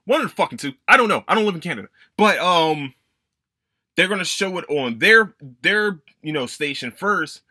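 Casting: young guy, solo podcast host, bright voice, loose and swearing, dry close sound. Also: medium pitch, no echo. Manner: rambling, profane, animated. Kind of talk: casual solo chat.

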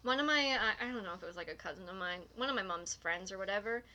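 A young woman from Nova Scotia co-hosting a podcast in casual chat, animated and quick to laugh, swearing now and then. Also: medium pitch, a crowd in the background. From Nova Scotia, Canada. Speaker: podcast co-host.

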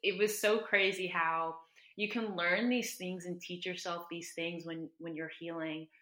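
A woman's voice: on the low side, fairly even intonation, a little slow, pushed and bright. A woman guest on a podcast, a dietitian and author, telling her story in an earnest, heartfelt way with many "like" fillers. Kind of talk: casual podcast conversation. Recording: roomy echo.

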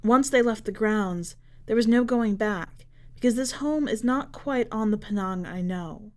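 Measured woman reading dark fiction. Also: on the high side. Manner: measured, dramatic, dark storytelling. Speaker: podcast editor and reader. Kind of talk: audiobook-style fiction reading.

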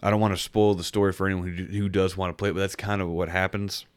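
A man with a very deep voice talks through a game in casual podcast chat. He rambles, restarts his sentences and hunts for the right words as he goes. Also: little pitch movement, fast, smooth. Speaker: podcast co-host reviewing a game.

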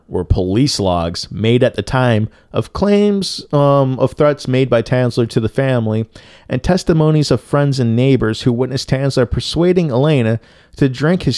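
With a slightly mellow, mid-range voice, a man co-hosting a podcast rambles through a casual story, cursing and using lots of fillers. The studio-quality audio carries no room sound.

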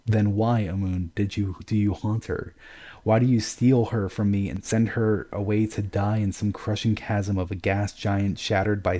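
A man's voice: lowish voice, mellow. A man reading aloud, voicing a boisterous, volatile, drunken old emperor who bellows and mocks. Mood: furious.

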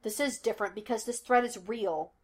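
A woman's voice: on the high side, fairly quick, husky. A woman voicing a stern male police detective who speaks curtly and demands answers, in a read-aloud story. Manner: curt, demanding.

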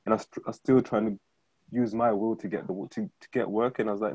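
A man's voice: fairly low pitch, fairly even intonation, quick pace, a little mellow, husky, no echo. A man in his thirties telling his personal faith story in a conversational interview, often asking "do you know what I mean?". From Zimbabwe. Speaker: guest, freelance director.

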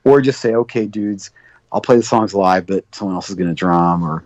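A brisk-talking man with a deep, somewhat mellow voice guests on an interview show as a record producer. He tells long, wandering tales full of filler words and dramatizes quoted speech, captured in a dull, dry, lo-fi recording without echo.

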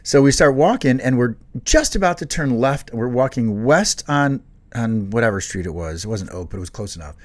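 A man in his late fifties with a middle-pitched, ordinary voice spins a lively story in casual podcast chat. He laughs often as he talks and keeps the tale rolling. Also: normal speed. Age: 50s. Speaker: podcast co-host.

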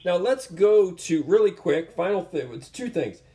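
Man with dark tone in echoey room. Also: sits high, sing-song, measured pace. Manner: earnest, rambling with restarts. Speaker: combat sports coach and host. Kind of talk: casual storytelling in conversation.

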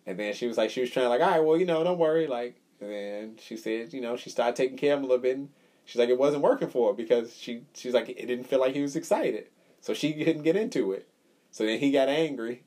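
A man's voice: medium pitch, a little fast, a little mellow. Profane storytelling man, podcast co-host. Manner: storytelling, profane, acts out quotes. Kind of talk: casual chat.

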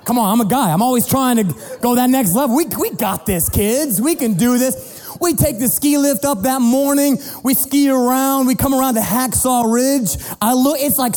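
A middle-aged man preaching as a pastor, telling a family story in an animated, playful way and acting out the voices. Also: very high-pitched. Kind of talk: sermon storytelling. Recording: long hall reverb with faint music.

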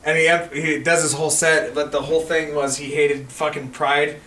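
A man's voice: on the high side, normal speed. A man co-hosting a casual, profane podcast chat, telling stories with lots of swearing. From Colorado. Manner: swears a lot, animated storyteller. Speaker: podcast co-host. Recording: echoey room, off-mic.

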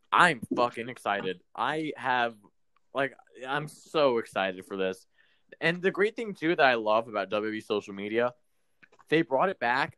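A man's voice: medium pitch, fairly bright tone, clean tone, no echo. A man co-hosting a casual podcast, talking eagerly with lots of "um"s. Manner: eager, filler-heavy talk. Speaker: podcast co-host. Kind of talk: casual chat.

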